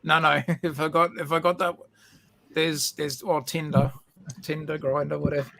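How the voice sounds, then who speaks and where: A man's voice: on the high side, little pitch movement, normal speed, creaky, heavy background noise. A man joking and chuckling in a casual chat with friends on a livestream. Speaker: livestream guest.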